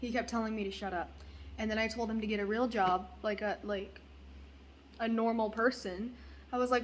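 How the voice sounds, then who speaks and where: A woman's voice: fairly high pitch, fairly even intonation, moderate pace, slight background noise. A young woman and mother telling a story casually, rambling with fillers and swearing. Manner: rambling, profane, uses many fillers. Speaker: parent.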